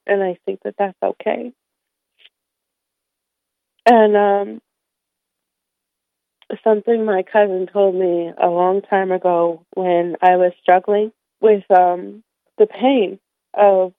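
A woman's voice: medium pitch, gravelly, dry recording. Woman talking openly as a guest, a bit teary, over a dry phone line. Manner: emotional, candid, warm with light laughter. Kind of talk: radio interview.

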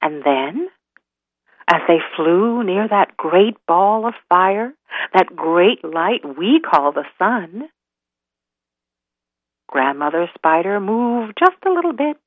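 A woman telling a folk tale, slow and dramatic in her delivery, heard over a tinny line. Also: mid-range voice, expressive, dry recording. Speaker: storyteller. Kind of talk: storytelling narration.

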